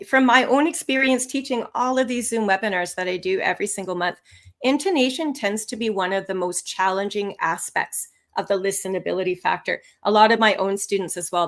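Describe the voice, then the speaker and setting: A woman instructor teaching English test skills on a live webinar, with lively, rising and falling intonation. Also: mid-range voice.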